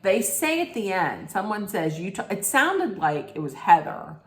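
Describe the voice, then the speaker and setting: A woman's voice: medium pitch, very animated, moderate pace. Blunt woman ranting in a roomy echo. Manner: rambling, blunt, swears freely. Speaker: reality TV recap vlogger. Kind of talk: casual rant.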